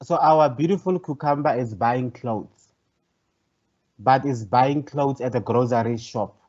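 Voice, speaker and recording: The speaker is a man teaching a workshop online as a professor, somewhat slow and with a darkish, mid-range voice. He lectures conversationally, hesitates, and circles back on phrases, all through dull, lo-fi call sound.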